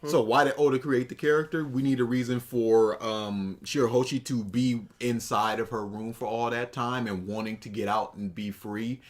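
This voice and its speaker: A man's voice: medium pitch, steady tone, normal speed, few pauses. A man co-hosting a livestream, bantering playfully and teasing his co-host while reacting to a video. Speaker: stream co-host. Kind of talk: casual chat.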